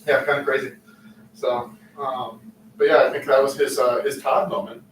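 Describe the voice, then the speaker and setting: Animated swearing man, off-mic in room. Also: medium pitch, moderate pace, recorded from a distance. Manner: animated storyteller, acts out quotes, swears freely. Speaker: podcast co-host. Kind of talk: casual chat among friends. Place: room at a casual drinking podcast. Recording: roomy, off-mic with faint background noise.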